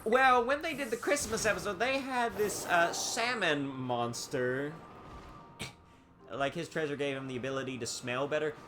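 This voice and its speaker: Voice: mid-range voice, normal speed, noisy background. A streamer who chats casually while playing a game, rambling through stories and laughing often.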